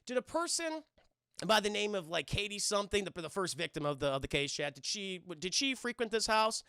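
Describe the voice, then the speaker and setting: A man's voice: sits high, very animated, a little fast, pushed and bright, clean tone, no echo, clean studio sound, heavily acted. A man doing a polite young female agent. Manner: polite, stammering. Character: young female FBI trainee, polite and earnest.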